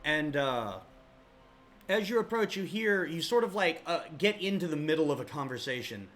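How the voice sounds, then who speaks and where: Man narrating as game master, casual, rambling, bright, lively pitch. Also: moderate pace. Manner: casual, filler-heavy, rambling.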